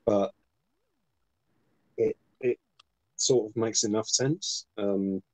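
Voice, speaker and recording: A man hosting a live talk show over a video call, relaxed and thoughtful with dry humor. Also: fairly low pitch, takes it slowly, dry recording, low-quality recording. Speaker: host. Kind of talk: casual chat.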